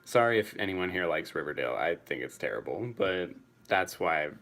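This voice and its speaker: Low-voiced young man chatting casually. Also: expressive, normal speed, fairly bright tone. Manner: chatty, swears freely, laughs often. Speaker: streamer answering chat. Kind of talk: casual live chat.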